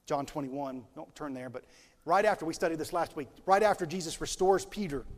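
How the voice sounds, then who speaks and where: Emphatic preacher man in a reverberant hall. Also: on the high side. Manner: emphatic preaching, stretching key words slowly for weight. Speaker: pastor. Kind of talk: sermon. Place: large church sanctuary. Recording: long reverb of a large hall.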